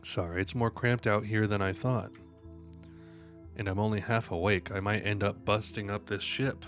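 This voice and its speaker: A man's voice: on the low side, steady tone, a bit bright, faint music behind. A man streaming live, reading manga panels aloud and reacting between lines, sleepy and yawning. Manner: reads every character's lines aloud between quick reactions.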